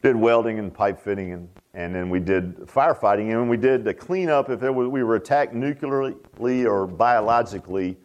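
An older man preaching a sermon in a folksy, animated way, repeating phrases for emphasis. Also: lowish voice, moderate pace, few pauses, dull audio. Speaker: pastor.

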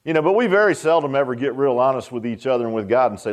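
A man's voice: mid-range voice, expressive, rapid-fire, few pauses. A man preaching a sermon, folksy and joking, often asking the congregation questions. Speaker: pastor.

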